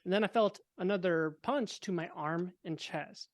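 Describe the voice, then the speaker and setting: A young man, a podcast guest, telling a personal story in a relaxed, casual way with wry, deadpan dark humor. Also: high-pitched, normal speed, no room sound.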